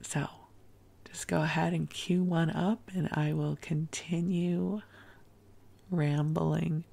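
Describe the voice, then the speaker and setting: A woman hosting a bedtime podcast, talking softly and gently, partly in a whisper. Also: low voice, level tone, takes it slowly, gravelly. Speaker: podcast host. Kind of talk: soothing bedtime storytelling.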